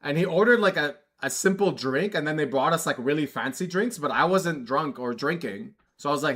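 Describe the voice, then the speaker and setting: A poker streamer chatting casually on a live stream, thinking out loud and joking at his own expense. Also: fairly high pitch, lively intonation, brisk, hardly any pauses. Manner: chatty, self-mocking, thinks out loud with restarts.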